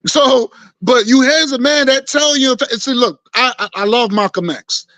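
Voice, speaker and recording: A man speaks bluntly and casually in a group chat, with plenty of profanity. His voice is high for a man, and the sound is dry and close. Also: moderate pace, bright, forceful tone, dry recording. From New York. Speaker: discussion participant.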